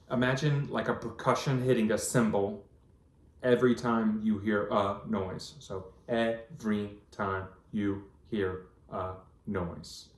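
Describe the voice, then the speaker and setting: Casting: vlogger in his thirties, lowish voice, earnest and rambling, recorded in a reverberant room. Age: 30s. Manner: earnest, rambling storytelling with many ums. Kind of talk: casual personal vlog. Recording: echoey room.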